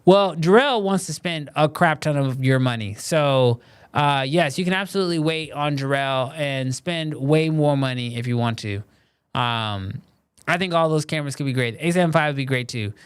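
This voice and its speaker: A man hosting a live stream, chatting casually with viewers and answering their questions in a relaxed, conversational way full of "um" and "like". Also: fairly high pitch, normal speed, clear, resonant tone. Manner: relaxed and conversational, many fillers like "um" and "like".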